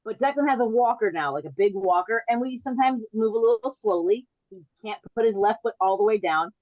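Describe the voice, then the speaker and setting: A woman in her forties tells a rambling comic story on a video call, cutting herself off and circling back before she lands a punchline. Her voice sits a little high, and the sound is dry and slightly dull, close to the mic with no room around it. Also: lively intonation, fairly quick, dry recording. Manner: rambling, self-interrupting, punchy. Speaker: comedian telling a story.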